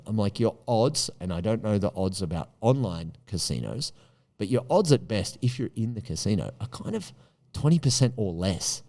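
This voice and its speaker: A man hosting a podcast, talking in an emphatic way and jumping up high in pitch for punchy questions. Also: big pitch swings, normal speed, mellow. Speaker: podcast host. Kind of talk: animated podcast monologue.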